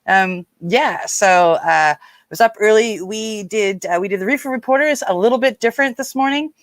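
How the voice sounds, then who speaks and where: A woman's voice: medium pitch, normal speed, no echo. A woman from Nova Scotia, hosting a casual live stream, chatty and rambling as she greets viewers by name. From Nova Scotia, Canada. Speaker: livestream host.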